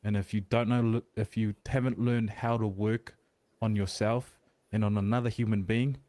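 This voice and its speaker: A man's voice: lowish voice, level tone, moderate pace, dark tone, no echo. A man on a podcast making his point emphatically, in a lecturing way. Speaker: podcast guest. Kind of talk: casual podcast discussion.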